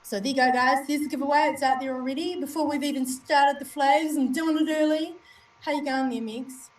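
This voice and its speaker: A woman with a New Zealand accent and a high, steady voice talks a little fast, sounding far from the mic in a roomy space with faint ambience. As a livestream co-host, she chats casually and greets viewers by name.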